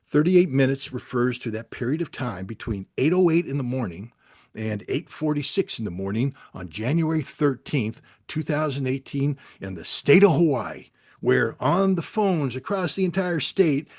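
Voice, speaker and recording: A man on a video call giving an impassioned speech, angry, blunt and profane, at times rising close to a shout. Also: medium pitch, slightly rough, no echo. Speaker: guest speaker on a video call.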